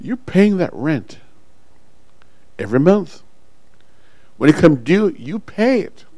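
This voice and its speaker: Slow, animated preacher man. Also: fairly high pitch, dry recording, poor audio. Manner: call-and-response preaching, calls congregants up front. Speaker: pastor. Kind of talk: sermon.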